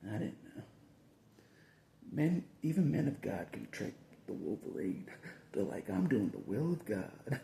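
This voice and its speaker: Man, casual rambling vlog monologue, dark gravelly voice, lively pitch, chuckles between lines, echoey room. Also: unhurried, pauses often, slight background noise. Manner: chuckles between phrases, repeats himself.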